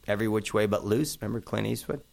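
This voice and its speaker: A man's voice: on the low side, quick pace, creaky, darkish tone. A middle-aged man hosting a casual chat, rambling through memories with plenty of fillers and asides. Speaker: host.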